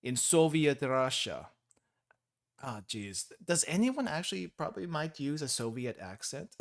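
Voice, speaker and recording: A man's voice: a little high, animated, a little slow, gravelly. A young man giving casual gameplay commentary, rambling and correcting himself as he plays. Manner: rambling, self-correcting, laughs often. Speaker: gaming streamer. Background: game music.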